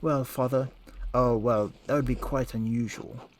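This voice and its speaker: A man's voice: mid-range voice, steady tone, a little slow, slight background noise, lightly acted. Man reading an anxious abbot, placating, plain middle voice. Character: anxious male abbot eager to please.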